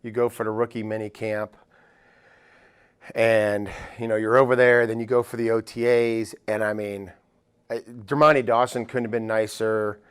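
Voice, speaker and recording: A man's voice: fairly low pitch, flat delivery, normal speed, smooth. A middle-aged man, a football coach being interviewed, telling rambling anecdotes full of "you know" fillers. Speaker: football head coach, guest. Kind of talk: casual interview storytelling.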